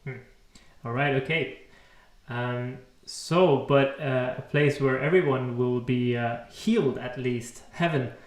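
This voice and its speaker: Male interviewer, halting and hesitant, mid pitch, echoey room sound. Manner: hesitant, many fillers and restarts. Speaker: interviewer reading viewer questions. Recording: roomy echo.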